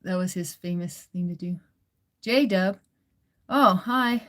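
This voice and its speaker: A woman's voice: on the low side, slow, fairly bright tone. A woman hosting a casual livestream, chatting with viewers, reading their comments and laughing often. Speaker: livestream host.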